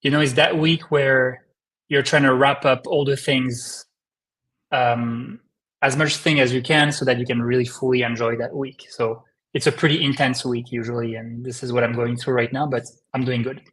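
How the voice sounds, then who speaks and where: A man's voice: medium pitch, moderate pace, low-quality recording. A man from France with a heavy French accent, a company co-founder chatting easily as a guest in a live-stream interview over a video call, with many ums and restarts. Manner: relaxed, friendly, with restarts and ums.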